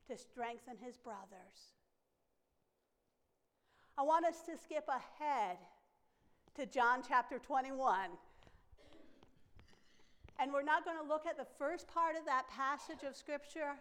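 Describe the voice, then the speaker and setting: High-voiced woman preaching a sermon. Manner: emphatic, repeats phrases for stress. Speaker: pastor.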